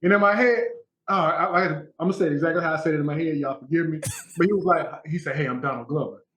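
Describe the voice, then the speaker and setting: A man's voice: on the high side, fast talker, echoey room, dull audio. A man being interviewed as a guest actor, telling stories casually and acting out quotes. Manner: animated storyteller, acts out quotes, laughs often.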